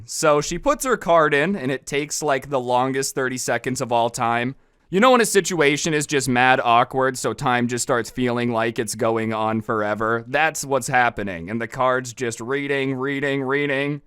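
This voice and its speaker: A man tells a storytime in a casual, exasperated tone with sarcastic asides. His voice is smooth and clear. The sound is dry and close to the mic. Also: mid-range voice, moderate pace, fairly bright tone, no room sound. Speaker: storytime vlogger. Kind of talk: storytime narration.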